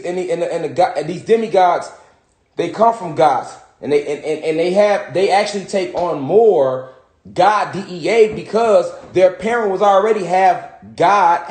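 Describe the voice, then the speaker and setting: This spiritual teacher has a high-pitched voice with a darkish tone. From home he delivers a loose, rambling lesson laced with profanity and repeated "you know what I'm saying." The room echo in the recording is noticeable.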